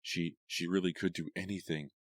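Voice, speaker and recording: A man voicing a timid teenage girl who speaks softly and stammers. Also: low voice, fairly even intonation, normal speed, no echo, natural voice. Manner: soft, stammering. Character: timid teenage girl, hesitant and soft-spoken.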